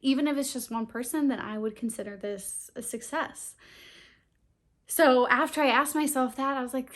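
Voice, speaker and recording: Talking heartfelt and casual to camera, a young woman launching her channel comes across as open and sincere, sometimes tearful, often laughing. She speaks in a high voice at a measured pace.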